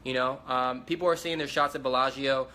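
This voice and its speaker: A man's voice: mid-range voice, fairly even intonation, brisk, sharp tone. A young man giving a rambling, repetitive eyewitness account in a casual livestream. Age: young adult. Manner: rambling, repetitive, urgent retelling. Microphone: phone livestream.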